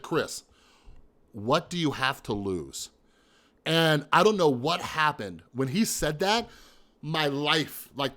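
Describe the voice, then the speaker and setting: A man with a fairly bright, higher-pitched voice tells his own story as a mental health vlogger. He's blunt and profane, speaking emphatically and tossing in rhetorical asides.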